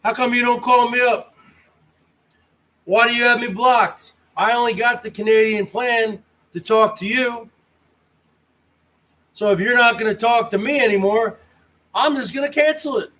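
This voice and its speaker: Man, from the united states, livestream host, high voice, bright tone, mocking, talks to chat. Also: fairly even intonation, moderate pace, long pauses. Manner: mocking, taunting, talks straight to chatters. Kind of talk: casual rambling livestream chat.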